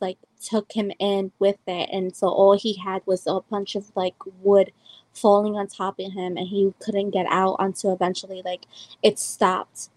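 On her podcast, a twenty-something Salvadoran woman rambles through a personal story, leaning heavily on fillers like "like" and "um." The recording is rough, and her voice sits in the mid range.

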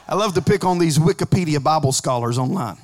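Pastor guy preaching, pretty high voice, cracks jokes then gets loud and sing-songy. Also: lively intonation, normal speed. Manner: builds to shouting, sing-song preaching cadence; conversational asides with humor. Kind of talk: sermon.

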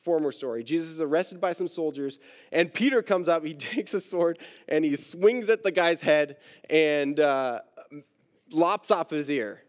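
A pastor giving a conversational sermon, casually acting out Bible characters and adding wry, self-deprecating asides. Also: male voice, a little high, unhurried.

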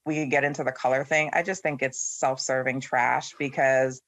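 Casual: guy hosting a chat w friends, snarky and opinionated, mid pitch, super dry close mic. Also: normal speed, dry recording. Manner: opinionated, sarcastic, animated storytelling. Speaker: podcast host.

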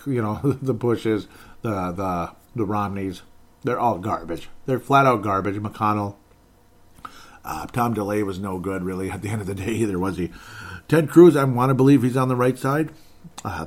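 A man hosting a podcast, delivering a rambling, heated political commentary monologue full of fillers and restarts. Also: lowish voice. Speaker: podcast host.

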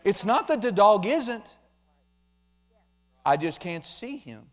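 A man preaching a sermon, animated, acting out quoted complaints in mocking voices. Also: high-pitched, takes it slowly. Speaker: pastor.

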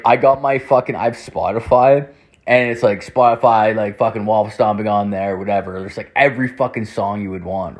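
A young man telling a rambling story in casual talk, swearing heavily and filling his speech with "like". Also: fairly low pitch. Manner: rambling, heavy swearing, constant "like".

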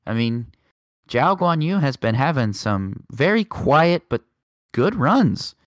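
A man's voice: mid-range voice, big pitch swings, slow, no echo, studio quality. A man co-hosting a casual racing podcast, rambling through the news with joking asides. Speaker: podcast co-host.

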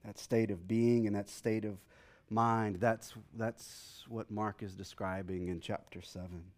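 A man preaching a sermon, telling a personal travel story with excitable energy and acting out the people in it before settling into calmer Bible teaching. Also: on the low side, measured pace. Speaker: pastor.

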